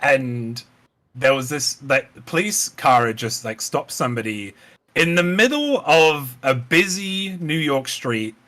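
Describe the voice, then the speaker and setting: A man's voice: medium pitch, slow pace. A man hosting a casual stream, chatting while he paints miniatures, laughing a lot and swearing freely as he tells stories. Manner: laughs often, swears freely, animated storyteller. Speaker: stream host.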